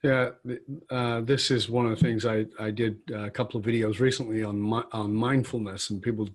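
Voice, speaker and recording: A man's voice: fairly low pitch, fairly even intonation, brisk. A man hosting a conversational interview, speaking reflectively and building to emphatic questions. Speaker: podcast host.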